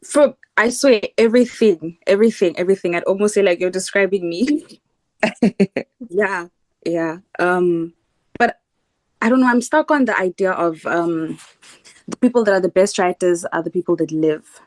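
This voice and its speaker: Excitable rambling woman, low voice. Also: unhurried, long pauses, no room sound. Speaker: podcast co-host. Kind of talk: casual interview chat.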